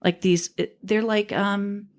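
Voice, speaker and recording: A woman's voice: medium pitch, steady tone, takes it slowly. A woman co-hosting a casual podcast, reading a transcribed story aloud and laughing easily. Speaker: podcast co-host.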